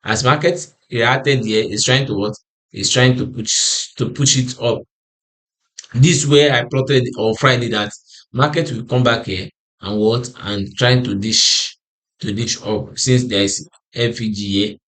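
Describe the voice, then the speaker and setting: Man for a trading chart lesson, tired and yawning, mid pitch, keeps repeating phrases and asking himself "what?" before answering. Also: measured pace, a bit bright. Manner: repetitive, restarts phrases, asks himself "what?" then answers. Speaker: forex trading analyst. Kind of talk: screen-share chart walkthrough.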